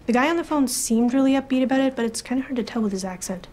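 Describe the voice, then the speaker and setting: Deadpan woman in a sitcom. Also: high-pitched. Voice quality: deadpan, slow. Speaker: sitcom character. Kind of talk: sitcom acting.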